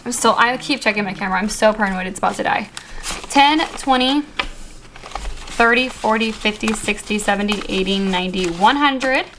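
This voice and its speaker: A young woman vlogging casually about her savings, counting bills aloud in a quick murmur and chatting in a flustered, excited way. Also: mid-range voice, noisy background. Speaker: budgeting vlogger.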